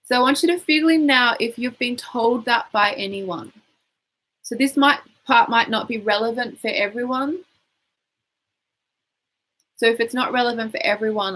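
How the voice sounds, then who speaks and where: A woman guiding a tapping session, calmly giving instructions and phrases for the listener to repeat aloud. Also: medium pitch, normal speed, poor audio. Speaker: tapping coach.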